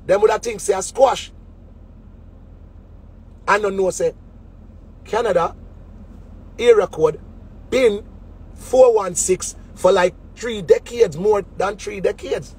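A man's voice: high voice, takes it slowly, long pauses, a little mellow, breathy edge. A man with a Jamaican accent in a casual comic rant, mocking people and dropping into sneering quoted voices. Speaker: DJ ranting on a web show.

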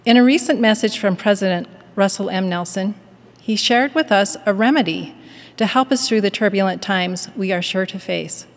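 A woman giving a prepared devotional address in a measured, earnest manner and reading a story aloud. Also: mid-range voice, big-room sound. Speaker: devotional speaker at a university.

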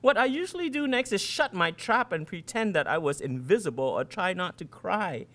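A man, the author, giving an expressive first-person reading of his fiction in a colloquial storytelling manner. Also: sits high, normal speed.

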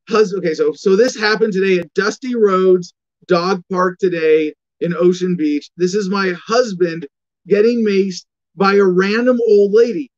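A man's voice: sits high, dull audio. A man hosting an opinion commentary show, ranting sarcastically with lots of restarts and filler words. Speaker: host.

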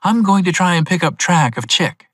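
A man reading as an eager young male detective's assistant in a storybook, speaking in quick, excited bursts. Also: high-pitched, no echo, clean studio sound, pitched above the performer's own voice.

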